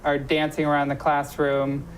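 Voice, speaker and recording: Low-voiced lady hosting a community talk show, chatty, lots of ums. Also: monotone, normal speed, slight background noise, poor audio. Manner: chatty, many ums and self-corrections. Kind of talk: casual promotional chat.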